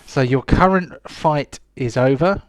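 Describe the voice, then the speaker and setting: A man's voice: medium pitch, measured pace, no echo. Man running a tabletop game. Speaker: game master.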